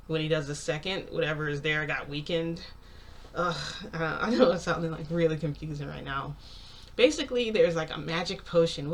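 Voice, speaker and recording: A man's voice: a little high, fairly bright tone. A man telling a long story in a casual, rambling way, full of "like" and small laughs. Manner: rambling, heavy use of "like"; chatty, laughs often. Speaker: vlogger.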